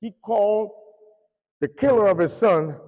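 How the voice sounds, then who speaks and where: A man with a high voice delivers a sermon, telling a story with lively swings in pitch and force. His voice rings through a church hall with a long echo. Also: unhurried. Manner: animated, rises and falls in pitch and force. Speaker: preacher.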